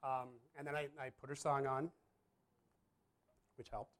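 This man's voice is medium-pitched, level, and fairly bright, and he keeps a measured pace. He's a pastor in his thirties casually recounting something from his own life, laughing often as he rambles and pokes fun at himself with candor.

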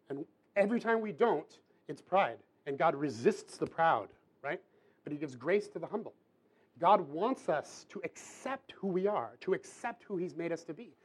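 A man's voice: high-pitched, animated, unhurried, husky. Casual, chatty man preaching a sermon. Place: church hall with audience.

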